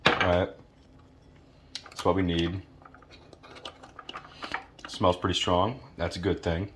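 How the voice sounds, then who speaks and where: A laid-back man from Louisiana walks through a recipe in his home kitchen, swearing freely and tossing in jokes. His voice sits very low. Frying food crackles loudly under everything he says. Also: little pitch movement, slow. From Louisiana, USA. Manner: laid-back, profane, joking asides. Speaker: home cook. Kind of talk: casual cooking tutorial. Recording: noisy kitchen with frying sizzle. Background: food sizzling in a pan.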